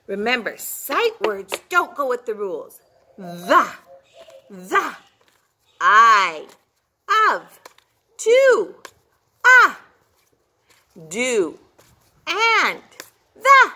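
Cheery, very slow woman teaching phonics. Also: a little high, wildly swooping pitch, pushed and bright. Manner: cheery and encouraging, drawing out sounds slowly. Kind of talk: phonics lesson for young children.

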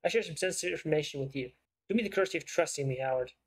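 A man voicing a shrewd, persuasive investigative writer in a story game, with a smooth, probing way of talking. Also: a little high, racing, low-quality recording.

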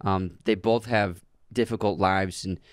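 A man's voice: low voice, steady tone, a little slow, dry recording, studio quality. Eager man explaining vampire lore. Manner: enthusiastic, explains folklore eagerly. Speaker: podcast co-host. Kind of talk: casual chat.

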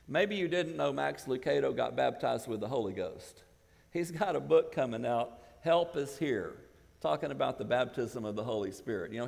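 A male pastor, possibly, preaching a sermon that builds to shouted emphasis. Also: fairly high pitch, gravelly. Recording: church hall with long reverb.

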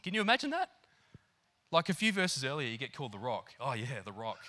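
A man preaching a sermon in an animated, conversational way, with lots of fillers. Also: medium pitch, a little fast. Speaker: pastor. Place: church hall.

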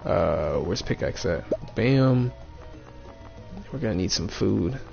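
Brief: gaming host, gravelly and animated, talks to himself as he plays, muffled lo-fi mic. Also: lowish voice, takes it slowly, over music. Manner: thinking aloud, repeating himself, playful. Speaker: gaming streamer. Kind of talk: casual let's-play commentary.

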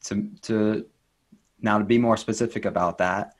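A man speaking as an inner child life coach in an interview, earnest and gently encouraging, repeating phrases for emphasis. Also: lowish voice, fairly even intonation, normal speed. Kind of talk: interview guest, reflective talk.

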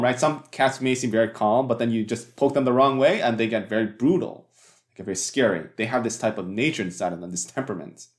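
A male pastor giving a conversational sermon, stumbling through fillers and restarts and often checking in with the congregation with a rhetorical "right?". His voice sits at an ordinary middle pitch and carries the roomy echo of a church hall.

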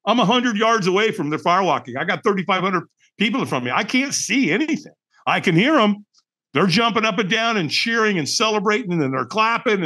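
A middle-aged man recounting a personal story as a podcast guest, in a fairly high voice that swoops up and down with lively feeling. He speaks emphatically and dramatically, tossing in rhetorical questions to pull the listener along. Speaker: podcast guest, firewalk instructor.

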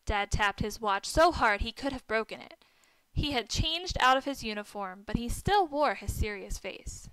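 Bright, high-voiced woman reading a story. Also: normal speed, clear, resonant tone, dry recording, poor audio. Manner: reads dialogue with lively lifts for the boys' shouts. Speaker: narrator.

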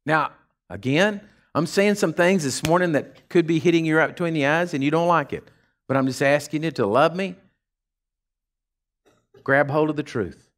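A man preaching a folksy, animated sermon as pastor of a church. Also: a little high, normal speed, long pauses. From Texas.

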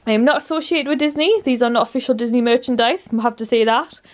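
A woman's voice: fairly high pitch, fairly even intonation, quick pace. Bubbly chatty woman vlogging. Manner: bubbly, chatty, full of fillers. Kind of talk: casual vlog chat. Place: at home indoors.

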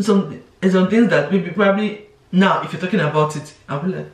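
A young woman talks fast in a lowish voice, chatting confessionally to her camera as a vlogger. She keeps restarting sentences and dropping into quoted voices, with a little hiss or hum and a roomy, distant sound.

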